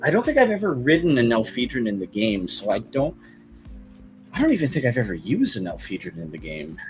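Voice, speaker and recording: A man's voice: on the low side, very animated, brisk, faint music behind. A man streaming as he draws, chatting casually in a loose, rambling way that is full of "like" and "kinda". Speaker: artist streaming while drawing.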